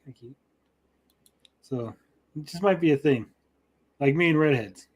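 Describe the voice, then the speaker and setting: A man's voice: a little high, normal speed, darkish tone. Brief: male stream host, blunt and jokey, reads chat, swears casually. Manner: blunt, joking, swears freely. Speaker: show host reading chat.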